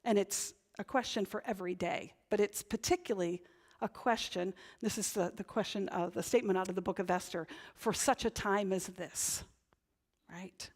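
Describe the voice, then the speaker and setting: A woman's voice: medium pitch, normal speed. A woman pastor giving a conversational sermon, often tagging her points with "right?". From Northern New England. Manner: conversational, chatty, frequent "right?" tag questions. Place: church.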